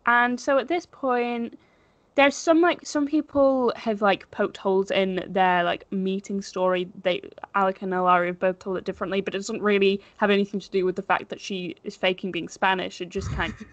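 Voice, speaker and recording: A woman's voice: medium pitch, steady tone, normal speed, dry recording, lo-fi sound. Chatty woman telling gossip on a call. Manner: chatty storytelling with many fillers. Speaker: podcast co-host. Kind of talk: casual gossip chat. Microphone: video call.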